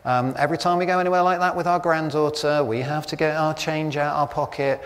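A man's voice: a little high, fairly even intonation, brisk. A middle-aged man preaching a sermon as pastor, talking in a chatty, anecdotal way with wry humour. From Britain. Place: church. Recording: church hall reverb, faint ambience.

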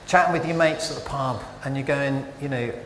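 There's a little hiss or hum as a medium-pitched man delivers a fairly quick church sermon. The long reverb of the room carries his conversational style, self-interruptions and lively rhetorical questions.

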